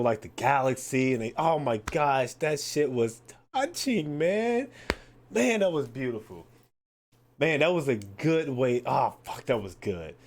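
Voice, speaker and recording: Casual, profane male podcast host. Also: medium pitch. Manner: loose, profane and excitable, lots of "like" and "man". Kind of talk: casual solo podcast chat.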